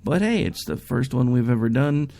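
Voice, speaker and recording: Gravelly male internet radio host. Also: medium pitch, lively intonation, moderate pace, dark tone. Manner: rambling, folksy and self-deprecating. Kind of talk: casual radio show talk.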